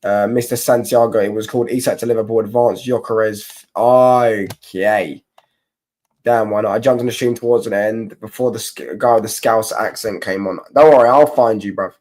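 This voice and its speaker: A man's voice: fairly low pitch, steady tone, normal speed, a little mellow. Young man bantering on a football live stream. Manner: banter-heavy, mocking rival fans, rambling with restarts. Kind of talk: casual live stream chat reading comments.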